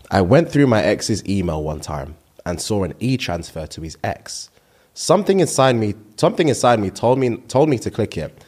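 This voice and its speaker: A man's voice: lowish voice, very animated, moderate pace, darkish tone, slightly rough. A man, co-hosting a casual podcast, reading comments aloud and laughing often. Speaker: podcast co-host.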